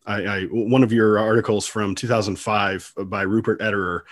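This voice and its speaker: A man's voice: lowish voice, level tone, normal speed, dry recording, clean studio sound. A man hosting a podcast interview, who stammers and repeats words. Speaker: podcast host.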